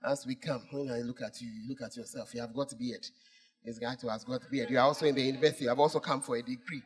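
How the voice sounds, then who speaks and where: A male pastor preaching a sermon, swinging between shouts and hushed asides as he teases the congregation. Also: mid-range voice, fairly even intonation, quick pace.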